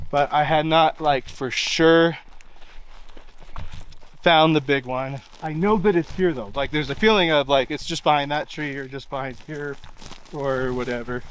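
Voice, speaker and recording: Casting note: man walking a site outdoors, clear voice a bit on the high side, loose rambling delivery. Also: low-quality recording. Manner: rambling, full of "like" and pointing "right here". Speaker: eyewitness recounting a hunt. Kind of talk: casual on-location retelling. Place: outdoors in a wooded area.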